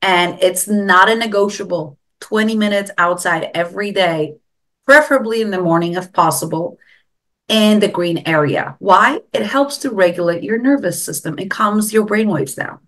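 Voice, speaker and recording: A woman's voice: mid-range voice, normal speed, a bit bright. A middle-aged woman speaking as a guest expert in an interview, explaining things earnestly and stressing her key advice.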